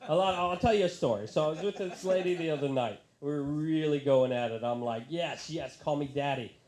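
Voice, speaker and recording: A man performing a stand-up comedy set on a bar stage, telling stories in an animated way and jumping into high, excited voices for the people he quotes. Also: a little fast, reverberant.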